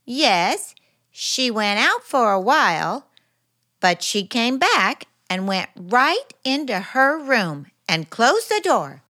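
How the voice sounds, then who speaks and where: A gushing, soft-hearted maid. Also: female voice, a little high, very animated, slow pace, heavily acted. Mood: sympathetic. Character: soft-hearted female housemaid, fussy and sympathetic. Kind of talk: 1940s radio acting.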